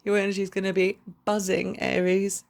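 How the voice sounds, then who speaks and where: A woman's voice: medium pitch, completely flat delivery, brisk, vocal fry. A young woman reading tarot cards to camera in a chatty, gushing way, swearing freely. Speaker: tarot reader.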